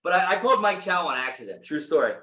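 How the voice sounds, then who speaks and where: A man giving an energetic motivational talk to a live audience, telling stories and asking the room questions. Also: high voice, fast. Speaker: speaker at a real estate meeting. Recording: echoey room.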